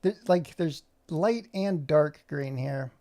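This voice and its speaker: A man's voice: on the high side, takes it slowly, warm tone. A middle-aged man talking through an animation tutorial as he works, chatty and self-mocking, muttering to himself. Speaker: video creator. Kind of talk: screen-recorded tutorial with running commentary.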